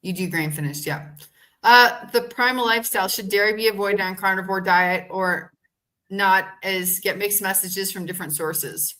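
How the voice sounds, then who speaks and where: A woman co-hosting a live show, reading out viewer questions in a brisk, upbeat way. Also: mid-range voice, sharp tone, poor audio.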